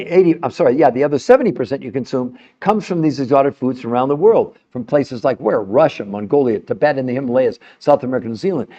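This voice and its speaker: An older man hosting a live stream, talking to the chat in an emphatic, salesy way, with his voice jumping high on key points. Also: a little mellow, dull audio.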